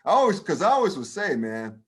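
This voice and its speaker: A man's voice: fairly high pitch, very animated, brisk. Blunt, profane man on a podcast. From United States. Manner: profane, emphatic, with many restarts. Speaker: podcast co-host. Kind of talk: casual opinion chat.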